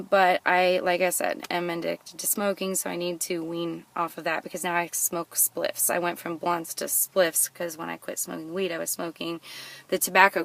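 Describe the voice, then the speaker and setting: A woman vlogger who raps her own lyrics loudly and rhythmically, then talks casually about her songwriting. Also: on the low side, no echo, far from the mic. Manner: loud rhythmic rapping, half-sung.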